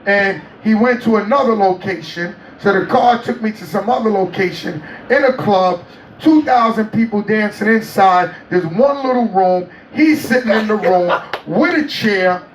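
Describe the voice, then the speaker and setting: Laughing animated male storyteller. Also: high-pitched, normal speed, echoey room, recorded from a distance, a little hiss or hum, poor audio. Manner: animated storyteller, laughs often, acts out quotes. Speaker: interview guest. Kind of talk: storytelling interview.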